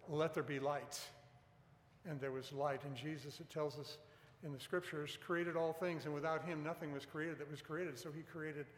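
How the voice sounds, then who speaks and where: A man's voice: a little high, slight background noise. A man preaching a sermon in an earnest, emphatic way, pressing on key words. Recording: echoey hall with long reverb.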